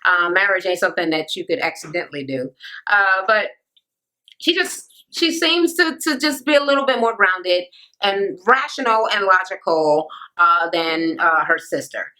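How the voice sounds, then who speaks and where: A woman's voice: on the low side, lively intonation, normal speed, sharp tone, low-quality recording. A woman vlogger ranting through a reality TV recap, blunt, sassy and full of profanity, with sarcastic asides to the viewer.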